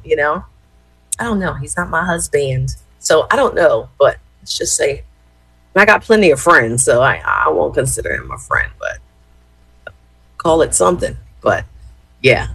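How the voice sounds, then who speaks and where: A woman's voice: lowish voice, breathy edge, dry recording, poor audio. A woman in her fifties telling a rambling family story to her viewers, chatty, with lots of fillers and "y'all". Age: 50s. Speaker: former gospel radio host.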